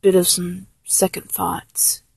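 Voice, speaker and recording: A woman in a one-sided audio role-play, talking in a halting, stammering, apologetic way. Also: on the low side, completely flat delivery, gravelly, a little mellow, husky, dry recording. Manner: halting, stammering, with many restarts.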